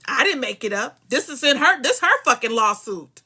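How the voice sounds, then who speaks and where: A woman's voice: sits high, very animated, normal speed, bright, forceful tone, husky. A woman hosting a podcast, reading a legal filing aloud and breaking off into profane, heated commentary. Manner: profane, heated, emphatic asides between read passages.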